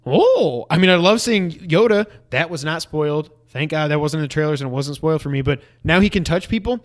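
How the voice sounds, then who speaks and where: A man co-hosting a podcast, giving a casual review with animated, ranting complaints. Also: on the high side, fairly quick. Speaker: video game podcast co-host.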